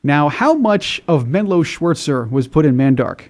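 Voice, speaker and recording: A radio host puts his questions in a friendly, conversational way. His voice sits a little high for a man. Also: animated, normal speed, darkish tone. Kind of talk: radio interview.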